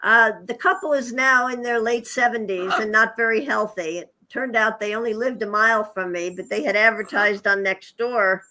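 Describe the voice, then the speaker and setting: A woman's voice: on the high side, moderate pace, hardly any pauses, sharp tone, low-quality recording. A woman guest on an interview, a hospice nurse and animal rescuer, telling chatty stories with frequent chuckles and asides to her pet parrot. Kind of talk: casual storytelling interview.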